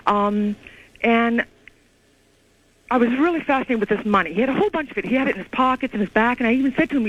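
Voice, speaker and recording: Excited woman caller on a muffled phone line. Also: fairly high pitch, fast. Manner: excited, rambling, breathless storyteller. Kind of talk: call-in radio storytelling. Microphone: phone call.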